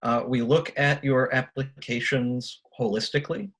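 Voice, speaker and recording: A male professor on a video call, answering panel questions in a measured, explanatory way. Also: mid-range voice, a bit bright, low-quality recording.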